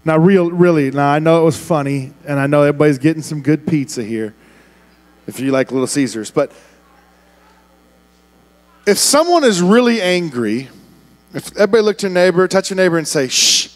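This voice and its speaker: A man preaching as a youth pastor, playfully wrangling a big room of students and often shouting. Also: a little high, animated, a little fast, pauses often. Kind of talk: youth ministry sermon.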